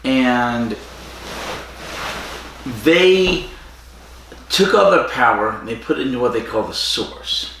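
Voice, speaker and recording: A man's voice: mid-range voice, expressive, slow pace, vocal fry, pauses often, a bit bright. A man co-hosting a casual podcast, retelling a TV episode and acting out the characters' lines. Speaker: podcast co-host. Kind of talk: casual chat recapping an episode. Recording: very echoey room with faint noise.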